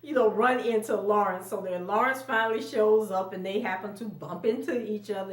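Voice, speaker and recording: A woman's voice: mid-range voice, moderate pace, hardly any pauses. Woman, TV recap vlogger, casual and chatty, laughs a lot, echoey room, distant mic. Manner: chatty, laughs often, acts out quotes in a raised voice. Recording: roomy echo, mic at a distance.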